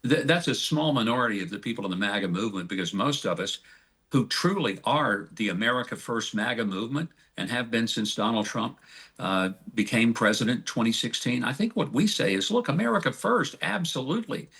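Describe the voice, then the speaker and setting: A man's voice: lowish voice, animated, a little fast, a bit bright. An older man answering as an ambassador in a TV interview, emphatic and folksy. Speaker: guest, ambassador.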